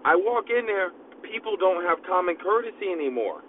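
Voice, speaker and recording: A man's voice: big pitch swings, normal speed. A man, a father, doing a casual, rambling podcast from inside a car, talking in slang and getting cut off by his kids. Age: adult, father of young kids. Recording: phone-like sound with faint vehicle rumble.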